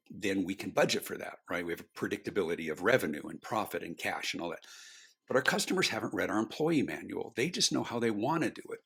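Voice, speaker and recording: A man telling stories as a guest on a podcast, animated and emphatic. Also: fairly low pitch, slightly rough. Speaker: customer experience speaker, guest. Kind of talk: storytelling podcast interview.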